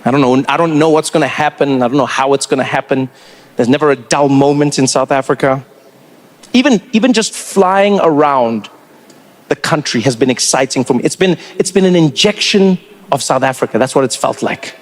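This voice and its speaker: A man doing stand-up comedy, telling stories in an animated way with stammered restarts for effect. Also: mid-range voice, brisk.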